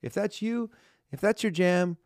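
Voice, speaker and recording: A man's voice: sits high, a little slow, a little mellow, dry recording, clean studio sound. A man in his forties co-hosting a casual podcast, chatty and storytelling, full of fillers. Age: 40s. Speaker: podcast co-host. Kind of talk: casual chat.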